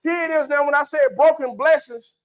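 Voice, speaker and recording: A man's voice: extremely high pitch, fairly quick, slight background noise, rough recording. A man preaching a folksy sermon, with call-and-response asides to the congregation. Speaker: pastor. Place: church.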